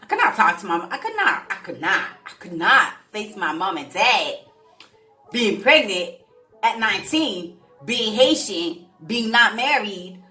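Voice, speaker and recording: Woman telling her story to camera, bright and lively, repeats stuff for effect, roomy echo, faint music under. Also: medium pitch, unhurried. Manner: animated, emphatic, repeats herself for effect. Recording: echoey room, faint music behind.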